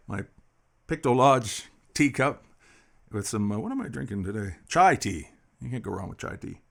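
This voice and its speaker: A middle-aged Canadian man hosting a song-request show, chatting casually and telling rambling, folksy stories with lots of fillers. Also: mid-range voice. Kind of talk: casual chat between songs.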